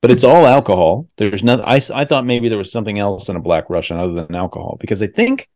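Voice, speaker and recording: A man's voice: on the low side, fast, a little mellow, dry recording, clean studio sound. A male podcast host chatting casually over a video call, rambling and correcting himself as he talks.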